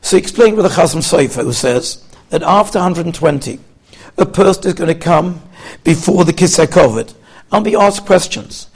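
A man's voice: a little high, animated, normal speed, vocal fry, husky. A man giving a sermon as a rabbi, telling stories and weaving Hebrew terms into his English. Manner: storytelling, mixes Hebrew and Yiddish terms into English. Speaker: rabbi giving a Torah talk.

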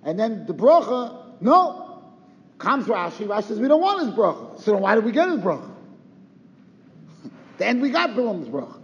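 In a sing-song voice that sits high, this man gives a Torah lecture at a moderate pace, pausing often to pose rhetorical questions and drop in Yiddish and Hebrew words. The audio is lo-fi and dull, with roomy reverb and faint noise.

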